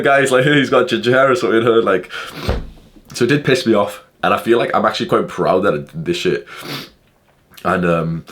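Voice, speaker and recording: A young man telling a story to camera in a casual, profane way, full of "like" fillers. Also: low-pitched. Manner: profane, heavy use of "like" fillers, animated retelling. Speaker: vlogger.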